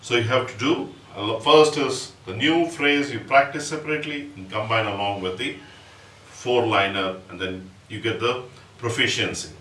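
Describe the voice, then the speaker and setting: A man with an Indian English accent teaching percussion, explaining step by step and reciting drum syllables slowly. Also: medium pitch, sharp tone. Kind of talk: music lesson with spoken rhythm syllables. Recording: roomy, distant mic, audible background noise.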